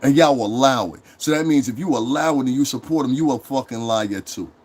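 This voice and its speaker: Man, livestream rant, angry, profane, repetitive, medium pitch. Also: fairly quick, darkish tone, breathy edge. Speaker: online streamer.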